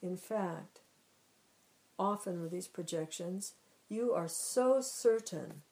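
A woman with a fairly low voice gives a spiritual teaching talk. She speaks in a loose, conversational way and tells a parable as she goes. She often circles back, repeats phrases and adds "you know". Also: expressive, slow, vocal fry, a little mellow, low-quality recording.

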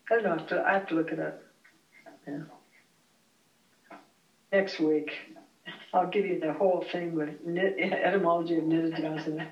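Reflective teacher leading a small home class, unhurried and searching for words, with the mic across an echoey room. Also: medium pitch. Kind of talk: relaxed classroom explanation. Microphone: far from the speaker. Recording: roomy, distant, dull home recording.

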